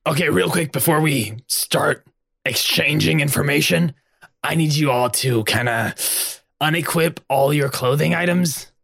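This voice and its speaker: Gravelly, husky-voiced man. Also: on the high side, unhurried, a bit bright, no room sound, studio quality. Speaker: player. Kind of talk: casual tabletop role-play.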